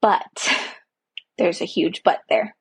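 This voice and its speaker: A woman hosting a podcast, speaking earnestly and heartfelt about her own life as a parent, with emphatic repetitions. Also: slow pace. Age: young adult to middle-aged, a parent. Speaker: podcast host. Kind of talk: personal reflective monologue.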